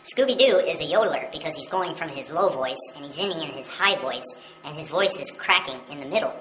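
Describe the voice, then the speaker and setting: A woman's voice: sits low, expressive, a little fast, background noise. A woman giving a casual video lesson on yodeling, explaining step by step in a friendly, plain way. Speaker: yodeling teacher. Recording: roomy echo with music behind.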